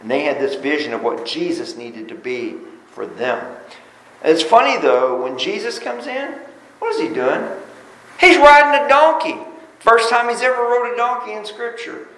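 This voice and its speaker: A man with a high voice preaches in a church, the sound ringing around a roomy space. He talks animatedly, leaping from loud bursts to low asides and often doubling words as he restarts. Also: animated, moderate pace. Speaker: pastor. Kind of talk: sermon. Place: church sanctuary. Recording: roomy echo.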